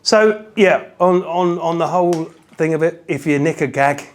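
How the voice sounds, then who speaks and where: Joking man, slightly high voice. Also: moderate pace. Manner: loose, joking, rambling, playful. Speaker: comedian guest. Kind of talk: casual interview chat.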